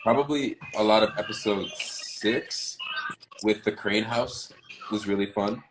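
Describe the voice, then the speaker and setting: A man's voice: on the low side, measured pace, background noise. A man from the American South, a guest actor chatting casually and playfully on a live stream. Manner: laid-back, playful, lots of "like".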